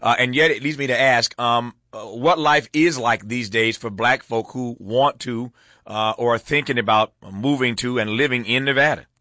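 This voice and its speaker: Bright-voiced male radio host. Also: medium pitch, normal speed, no room sound. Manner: animated, laughs often, playful banter. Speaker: radio talk show host. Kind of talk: radio interview. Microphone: studio microphone.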